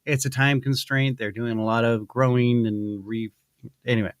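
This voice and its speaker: A man's voice: medium pitch, little pitch movement, moderate pace, dry recording. A male podcast host reading a sponsor spot in casual chat, rambling and playful with many restarts. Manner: rambling, self-interrupting, playful.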